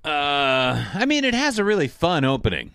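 A man casually discussing a film with friends, animated and mocking the characters in silly voices. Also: a little high, normal speed, smooth, no room sound, clean studio sound.

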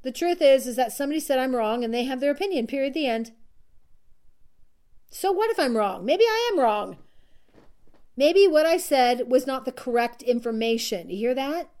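A woman's voice: sits high, lively intonation, moderate pace, a little mellow, clear, resonant tone. A woman coach giving an earnest, repetitive self-help talk to her listeners, often laughing at herself.

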